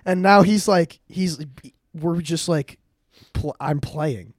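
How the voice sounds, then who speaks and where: A young man in casual podcast chat, telling a rambling, animated story and swearing often. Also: on the high side, takes it slowly, no echo, studio quality. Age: young adult. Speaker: podcast co-host.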